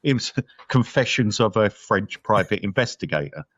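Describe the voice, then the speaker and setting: Man, podcast co-host, very low voice, rambling casual film chat, dull sound. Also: lively intonation, normal speed, no room sound. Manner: rambling, thinks aloud with fillers.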